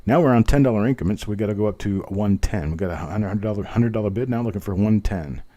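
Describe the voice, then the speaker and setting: A man runs a live online coin auction, calling out bids in a steady, rhythmic patter. His voice sits low and sounds warm and relaxed. Between lots he chats and jokes at his own expense. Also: quick pace. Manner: chatty, self-deprecating, rhythmic bid calling. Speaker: auctioneer host.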